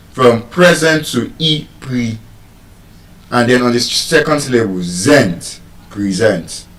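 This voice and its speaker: A man's voice: mid-range voice, a bit bright, roomy sound, far from the mic, rough recording. A Nigerian man teaching English word stress to a live audience, teasing them and asking questions.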